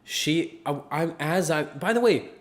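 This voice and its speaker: A man's voice: fairly high pitch, a little slow. A man co-hosting a podcast, telling a story in casual chat and acting out the people in it with bursts of laughter. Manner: animated storyteller, acts out quotes with laughs. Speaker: podcast co-host.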